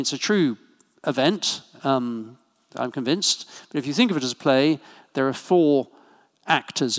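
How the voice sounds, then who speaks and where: A man preaching a sermon in a church, talking in a relaxed, conversational way with asides and small jokes. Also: medium pitch. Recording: long hall reverb.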